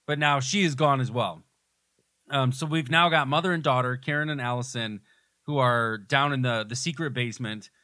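A man talks through a movie's plot in relaxed podcast chat, recounting each scene in detail. His voice is bright and forward, and the recording is close and dry with no room sound. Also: mid-range voice, normal speed, no room sound. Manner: retells scenes in detail, laughs often. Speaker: podcast co-host. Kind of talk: casual movie discussion.

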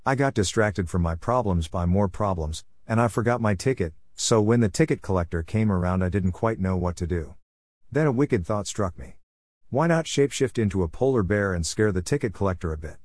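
Low-voiced man reading a story, dry. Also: expressive, fairly quick, a little mellow, no room sound. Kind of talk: first-person story reading.

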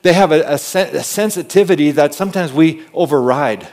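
A man preaches in a fairly high voice, talking to his congregation in a loose, conversational way. He drops to quiet asides and then rises into loud, emphatic lines. He often restarts words and punctuates his points with an amen. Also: fairly quick. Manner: swings from hushed asides to loud emphatic calls, with frequent amens; repeats and restarts words while storytelling. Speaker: pastor. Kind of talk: conversational sermon.

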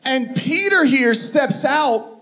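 A man preaching a lively sermon, his voice sitting high for a man. He tells stories, acts out the voices of the people in them and laughs often as he goes. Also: slow pace. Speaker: pastor.

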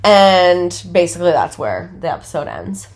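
A woman's voice: lowish voice, very animated, moderate pace. A young woman hosting a podcast, telling a reality-show recap in a chatty way, full of filler words and laughter. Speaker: podcast host.

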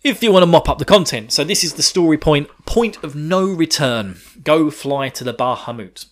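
A man's voice: fairly high pitch, expressive, fairly quick. A man hosting a podcast, recapping a video game in casual, irreverent chat with swearing and chuckling asides. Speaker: podcast host.

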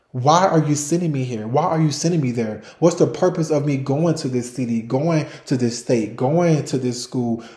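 A man's voice: medium pitch, dark tone, reverberant. A man hosting a faith podcast, preaching in an emphatic, repetitive way and restarting phrases as he builds his points. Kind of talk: sermon-style podcast talk.

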